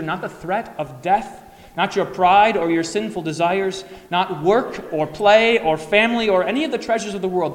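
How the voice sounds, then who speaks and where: Earnest male pastor in echoey church. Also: on the high side. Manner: earnest, rhetorical questions, acts out imagined replies. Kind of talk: sermon. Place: church sanctuary.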